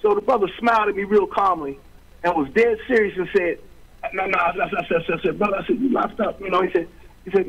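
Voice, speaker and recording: Fast-talking animated man, muffled radio sound. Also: high voice, slightly rough. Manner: animated, acts out quoted voices, streetwise slang. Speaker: guest author. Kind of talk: storytelling in an interview.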